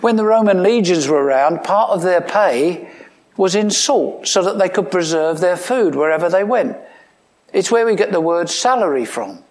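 At a normal speed and with lively intonation, a pastor preaches conversationally, asking his listeners questions and slipping in dry humor and sudden emphatic lines. His delivery swings between rising emphasis and soft, low asides.

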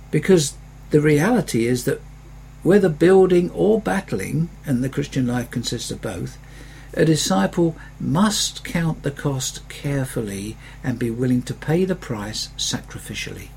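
A man's voice: a little high, creaky, darkish tone, slight background noise, poor audio. A man preaching a sermon as a pastor, in an earnest, conversational way that often swells into emphatic rises.

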